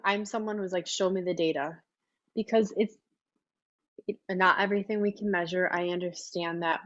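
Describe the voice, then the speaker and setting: A woman leading a long workshop, talking in a chatty, enthusiastic way with lots of fillers, her voice a little hoarse. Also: fairly low pitch, fairly bright tone, dry recording, highs cut off. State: slightly hoarse, losing her voice. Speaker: workshop leader. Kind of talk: teaching a live online workshop.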